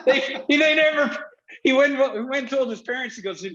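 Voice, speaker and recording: A middle-aged man, a guest, telling stories from his playing days in a casual, animated way, laughing as he goes. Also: very high-pitched, unhurried. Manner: animated storyteller who laughs while telling anecdotes. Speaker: guest, former hockey player. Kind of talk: casual storytelling. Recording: dull lo-fi audio.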